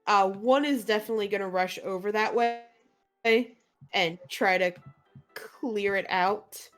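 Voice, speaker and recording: A woman runs a tabletop game, narrating slowly and easily. She pauses often and laughs along, with faint music under her voice. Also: mid-range voice. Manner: relaxed narration with frequent "uh" and laughs. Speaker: game master.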